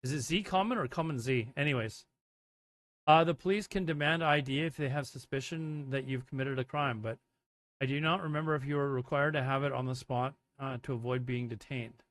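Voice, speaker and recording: A man's voice: medium pitch, fairly even intonation, a little fast, a bit bright, dry recording. A man hosting a livestream, rambling casually and reading chat messages aloud and answering them. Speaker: livestream host. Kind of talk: casual live commentary.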